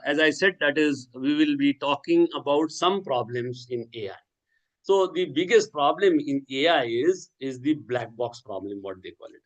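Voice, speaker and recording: A man's voice: a little high, lo-fi sound. A man giving an academic lecture, talking in a discursive way with many fillers, restarts and a habitual "okay".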